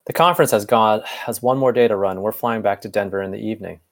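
A man's voice: lowish voice, quick pace, close to an everyday voice. A man reading the lines of a wisecracking grown man who teases his old friend, in an amateur fan fiction reading. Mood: joking.

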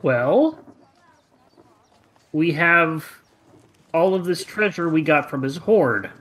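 A man's voice: fairly high pitch, expressive, slow, a bit bright. A man playing in a tabletop game, casual and joking. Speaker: player.

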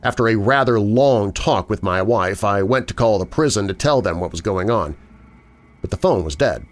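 A man hosting a show and narrating listener horror stories in a measured storytelling manner. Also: on the low side, lively intonation. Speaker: host and narrator. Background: faint music.

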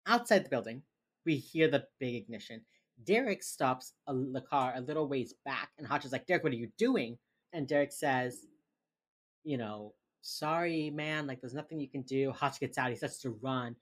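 A woman's voice: normal speed, slightly rough. A woman co-hosting a podcast, casually retelling a TV episode and filling her talk with "like". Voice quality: very low-pitched, relaxed storytelling with lots of "like". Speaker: podcast co-host recapping a TV episode. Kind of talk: casual chat.

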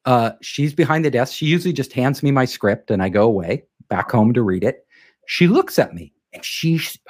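A man telling an anecdote in a casual interview, animated and acting out the quoted dialogue. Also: mid-range voice, husky. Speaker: guest telling a career story.

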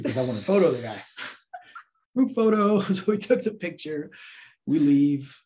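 A man guest telling a casual anecdote, animated and acting out what people said. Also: fairly high pitch, moderate pace, long pauses, a little hiss or hum. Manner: animated storyteller who acts out quotes.

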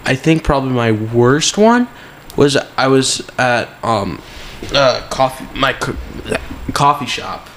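A young male podcast co-host with a medium-pitched voice speaks slowly, animatedly retelling a story with laughter and drama. Slight background noise is audible.

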